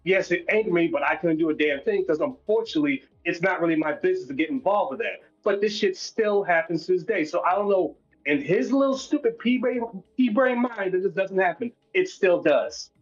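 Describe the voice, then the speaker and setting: A man's voice: sits high, a little fast, faint music behind. Angry ranting man on a dull call. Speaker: voice chat participant. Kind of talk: heated casual discussion. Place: at his workplace.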